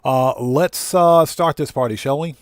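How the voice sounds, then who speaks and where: A man's voice: on the high side, measured pace, clean tone, no echo, faint music behind. A man from the United States hosting a game livestream with no face cam, greeting chat viewers one by one, heartfelt and casual, talking into a desk mic. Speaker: livestream host.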